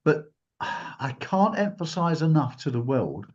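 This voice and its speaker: Animated husky man telling a story. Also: fairly high pitch, a little slow. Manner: animated, acts out quotes in a raised voice. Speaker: guest speaker. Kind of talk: storytelling in a talk. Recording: dull lo-fi recording.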